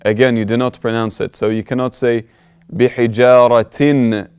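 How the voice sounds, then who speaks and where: A man teaches a recitation lesson in a smooth, resonant, mid-pitched voice. He is patient and methodical and repeats words to contrast the right and wrong sound. The sound is close and dry, with no room echo. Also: little pitch movement, a little fast. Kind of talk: tajweed lesson, explaining and demonstrating recitation.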